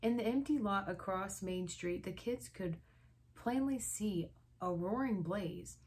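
A woman's voice: medium pitch, a little slow, a little mellow. A woman reading a chapter book aloud to children, with chatty asides and frequent laughs.

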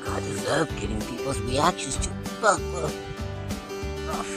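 A man's voice: mid-range voice, animated, normal speed. A playful man chatting casually outdoors in a park, ending nearly every line with a barked woof. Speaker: vlogger. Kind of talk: casual vlog chat. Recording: loud music playing over the voice.

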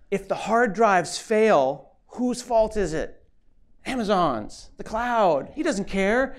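A man giving a comic conference keynote on stage, animated and joking, acting out little voices as he tells stories. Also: high-pitched, takes it slowly. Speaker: keynote speaker. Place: conference stage before an audience.

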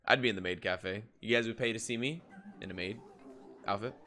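A man hosting an anime reaction video, chatting loosely with a lot of slang and swearing, and jumping suddenly into excited outbursts. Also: fairly low pitch, brisk, noisy background. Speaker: anime reaction channel host. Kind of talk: casual reaction commentary.

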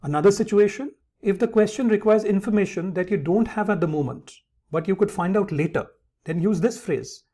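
A man's voice: high voice, fairly quick, dark tone. A man teaching English phrases in an instructional lesson, calling his viewers friends and reading example sentences aloud.

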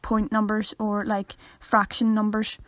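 A woman's voice: mid-range voice, monotone, unhurried, no echo, clean studio sound. A young woman co-hosting a podcast in casual chat, giggly and easily sidetracked. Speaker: podcast co-host.

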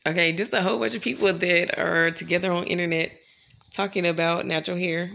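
A woman's voice: on the low side, steady tone, fairly quick, gravelly, fairly bright tone. A woman vlogger chatting casually to her camera, rambling and calling her viewers y'all.

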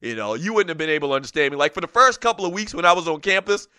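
A middle-aged man with a light Gullah Geechee accent hosts a casual sports talk show and jokes his way through viewer comments. His voice sits high and bright. It is recorded very dry and close. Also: racing, clear, resonant tone, no echo. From South Carolina low country near Charleston. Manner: animated, joking, laughs often. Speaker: show host. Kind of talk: casual sports talk, reading live chat.

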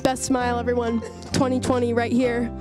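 A woman's voice: on the high side, completely flat delivery, brisk, music in the background. A teenage girl interviewing classmates, asking questions in a jokey, mock-formal way. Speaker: student interviewer. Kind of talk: casual hallway interview.

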